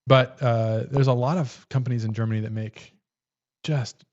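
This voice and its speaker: A man's voice: medium pitch, fairly even intonation, normal speed, darkish tone. Man chatting on a lo-fi livestream. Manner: rambling, shows and demonstrates tools on camera. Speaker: livestream co-host. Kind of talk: casual livestream chat.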